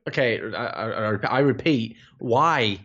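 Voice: medium pitch, expressive, measured pace, a bit bright, lo-fi sound. A podcast co-host chiming in with incredulous, playful reactions during a casual chat.

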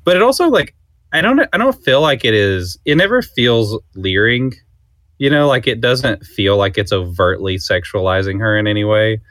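A man with a fairly low voice rambles excitedly about films, swearing casually. The sound is dry and close, like a podcast mic. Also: normal speed, no room sound. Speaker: podcast co-host. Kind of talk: casual film discussion.

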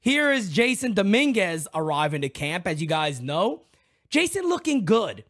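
A man's voice: sits high, moderate pace. Hyped-up man hosting a live stream. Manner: loud, excitable, shouts out chat names.

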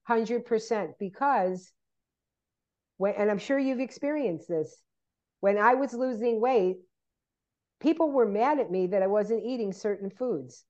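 Animated storytelling woman, lo-fi sound. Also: mid-range voice, measured pace, pauses often. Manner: animated storyteller, acts out quoted people. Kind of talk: casual chat.

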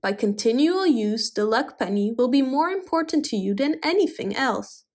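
A woman reading aloud and voicing an old Santa Claus in a storybook, speaking slowly and gravely. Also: fairly high pitch, animated, darkish tone.

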